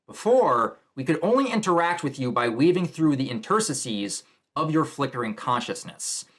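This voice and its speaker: A man voicing a solemn ancient male hero spirit from a comic, reading the lines slower and lower than his own talk. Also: very animated, a bit bright. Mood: grave.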